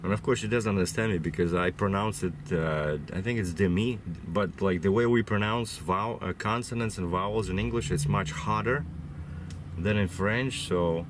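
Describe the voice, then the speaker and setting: A man's voice: on the low side, normal speed, noisy background. A man who drives trucks, with a cold and a runny nose, chatting on at length with lots of fillers and restarts. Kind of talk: casual vlog storytelling. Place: inside a truck cab.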